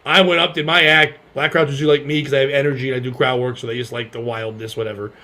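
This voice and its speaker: A man's voice: medium pitch, quick pace. A male comedian and podcast host telling a story in casual banter and acting out the people in it. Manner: animated, acts out other voices loudly.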